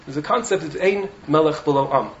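A man giving an animated Torah talk as a rabbi in a study hall, often asking "right?" to his listeners. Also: a little high, a little fast, dull audio, slight background noise. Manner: animated, keeps checking in with "right?". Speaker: rabbi teaching in a yeshiva.

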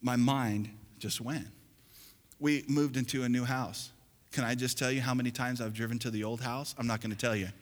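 A man's voice: mid-range voice, steady tone, moderate pace. Preaching man in an echoing hall. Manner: preaching with call-and-response, building to loud exhortation. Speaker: pastor. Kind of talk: sermon. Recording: long hall reverb.

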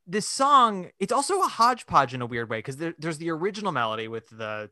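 A man co-hosts a casual podcast chat in a lively way. He acts out little quoted reactions and leans on "like". His voice is bright, and the sound is dry and close. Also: fairly high pitch, a little fast, hardly any pauses, dry recording. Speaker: podcast co-host. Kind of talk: casual chat about musical theatre.

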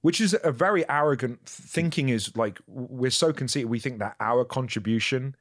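A man's voice: mid-range voice, normal speed, no room sound, clean studio sound. A man, an actor, candidly recounting his work in casual chat, swearing freely and mocking himself. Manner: candid, profane, self-mocking storytelling. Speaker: actor guest.

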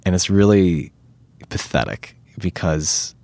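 Low-voiced man, animated. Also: takes it slowly, gravelly. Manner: animated, rambling, acts out quotes. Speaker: actor guest. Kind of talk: casual interview chat.

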